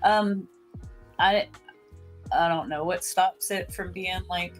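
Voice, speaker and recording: A woman's voice: on the low side, fairly even intonation, slow, soft background music, low-quality recording. A woman with a slight Southern US twang, chatting as a podcast co-host in a rambling way, often restarting her sentences. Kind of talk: casual chat.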